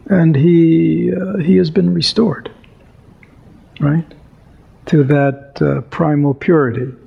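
A male meditation teacher giving a dharma talk, speaking very slowly with a gravelly, creaky texture. His voice sits somewhat high for a man. He leans on fillers and asks rhetorical questions as he goes. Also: steady tone, dull audio. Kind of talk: dharma talk with a story reading.

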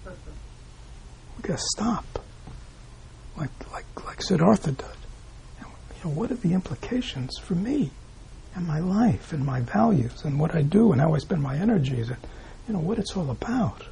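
A man giving a reflective Buddhist dharma talk to a room of listeners, posing rhetorical questions and often dropping his voice to a hush. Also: fairly high pitch, sing-song, brisk, creaky, a little hiss or hum, poor audio. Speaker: Buddhist teacher. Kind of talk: dharma talk to a live audience. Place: room with a gathered audience.

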